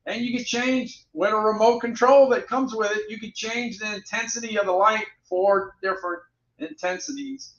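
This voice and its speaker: A chatty man runs a casual product livestream, often repeating his phrases as he reads out prices and ratings. His voice sits high and sounds bright and forceful. The recording is roomy and dull, with a lo-fi edge. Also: normal speed, slight background noise.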